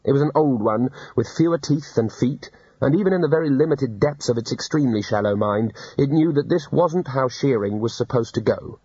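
A man reading an audiobook in a dry, unhurried storytelling manner. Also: medium pitch, dark tone, husky, no echo, dull audio. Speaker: narrator. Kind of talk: audiobook narration.

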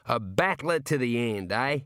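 A man voicing a cheerful, chatty prison warder, talking in a folksy, drawn-out way. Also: medium pitch, lively intonation, fairly bright tone, no room sound, clean studio sound. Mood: jovial. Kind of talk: audiobook character voice.

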